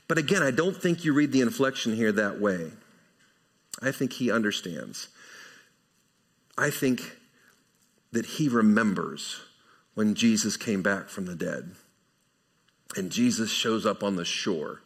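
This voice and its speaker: A man preaching a conversational sermon verse by verse, asking rhetorical questions and shifting between emphatic and quiet delivery. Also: a little high, animated, moderate pace. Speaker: pastor.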